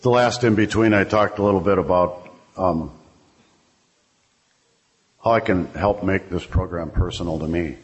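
A man sharing his thoughts at a recovery meeting, halting and restarting often before he introduces the next speaker. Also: low-pitched, highs cut off. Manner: halting, many fillers and restarts. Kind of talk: personal sharing to a group.

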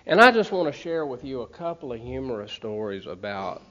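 A man's voice: medium pitch, big pitch swings, brisk, fairly bright tone. A middle-aged man with a Southern US accent tells humorous personal stories to an audience in a folksy way, often checking in with "okay?" and "man". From Montgomery, Alabama. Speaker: speaker sharing a recovery story. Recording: slightly muffled recording.

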